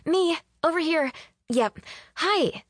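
A woman voicing a flustered, bold young female messenger, high and excited, in an audiobook. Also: moderate pace, dry recording, studio quality, lightly acted. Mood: eager.

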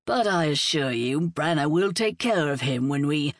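Calm protective man, read by a woman; measured and serious, dry close sound. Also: low-pitched, no room sound.

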